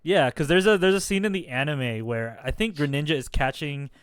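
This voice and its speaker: A man's voice: on the high side, a little fast, clear, resonant tone, dry recording, studio quality. A man hosting a casual group chat who laughs often and swears casually. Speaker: stream host.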